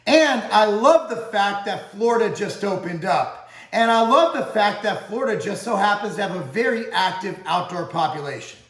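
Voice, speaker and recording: A man's voice: high-pitched, animated, normal speed, a bit bright, echoey room, poor audio. A man who owns a supplement company, talking straight to camera in a heated, profane rant. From United States. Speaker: supplement company owner and channel host.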